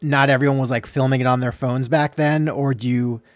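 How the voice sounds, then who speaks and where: A man hosting a casual interview who talks in a halting, hesitant way with many restarts. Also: medium pitch, fairly even intonation, dry recording. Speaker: host.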